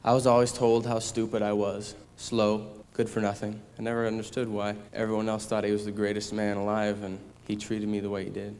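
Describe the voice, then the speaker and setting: A man's voice: lowish voice, completely flat delivery, a little fast, hardly any pauses, a little mellow, a little hiss or hum. A young man in his twenties, a son, giving an earnest, subdued personal testimony. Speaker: son telling his story. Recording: long hall reverb.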